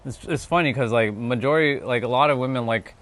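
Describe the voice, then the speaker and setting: A man's voice: medium pitch, fast talker, fairly bright tone. A man from North America, chatting casually with viewers on a livestream while making a hot drink. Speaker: livestream host.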